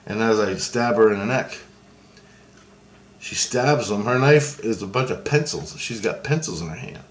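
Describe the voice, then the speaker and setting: A man's voice: fairly low pitch, normal speed. A man casually recounting a dream in a rambling, profane way, with many restarts. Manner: rambling, profane, restarts and hand-gesture talk. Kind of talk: casual spoken storytelling. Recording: roomy echo, faint ambience.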